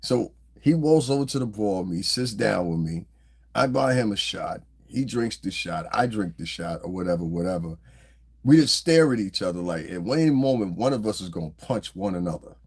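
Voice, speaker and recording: A man with a low, gravelly, slightly husky voice holds forth on his own podcast. He talks loosely and profanely, breaks into laughter, and tells stories in a rambling, casual way. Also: animated, moderate pace, darkish tone. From New Jersey. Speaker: podcast host. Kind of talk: casual commentary monologue.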